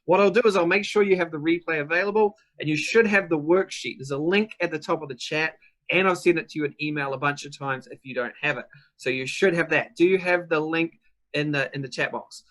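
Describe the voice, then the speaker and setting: Kiwi guy hosting a live webinar, chatty and upbeat, bright punchy voice. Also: fairly high pitch, a little fast. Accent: New Zealand. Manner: upbeat, chatty, addresses viewers by name. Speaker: webinar host and business coach.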